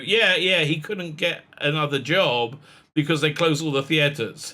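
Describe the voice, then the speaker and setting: A man's voice: fairly high pitch, measured pace, pushed and bright. A man giving sarcastic commentary, reading quotes aloud with lots of fillers and laughs. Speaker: commentary vlogger.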